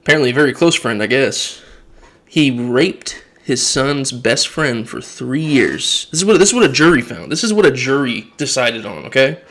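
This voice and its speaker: A man's voice: mid-range voice, very animated, moderate pace, fairly bright tone. A man hosting his own channel, giving an impassioned, exasperated political rant. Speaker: political commentary host. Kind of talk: ranting political vlog.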